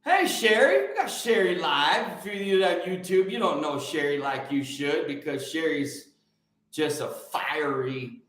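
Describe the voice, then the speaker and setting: A man hosting a casual livestream chat, excitable and energetic, often repeating words for emphasis. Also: fairly high pitch, a little slow, very echoey. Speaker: livestream host.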